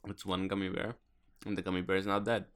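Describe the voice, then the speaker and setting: Laid-back low-voiced man hosting a podcast. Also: flat delivery, quick pace. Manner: rambling, laid-back, many ums. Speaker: podcast co-host. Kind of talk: casual chat. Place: apartment in the Bronx.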